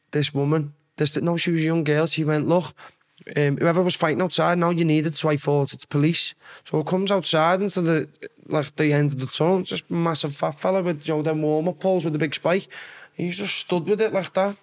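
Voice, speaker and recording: A young man from Liverpool with a broad Scouse accent tells stories as a podcast guest. He talks in a loose, animated way and swears freely. His voice sits slightly higher than most men's. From Liverpool, England. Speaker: guest, former footballer. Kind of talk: casual storytelling.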